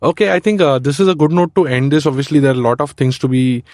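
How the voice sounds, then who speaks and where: A male podcast host asks long, searching questions in a tentative, rambling way, leaning on fillers. His voice sits at an ordinary pitch. The sound is dry and close. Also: fast, a little mellow, dry recording. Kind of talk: casual interview questions.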